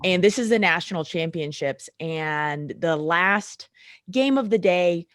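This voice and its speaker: Lively storytelling woman chiropractor, dry sound. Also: on the low side, measured pace, no room sound. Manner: animated storyteller who acts out the people she describes. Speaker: sports chiropractor guest. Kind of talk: casual podcast conversation.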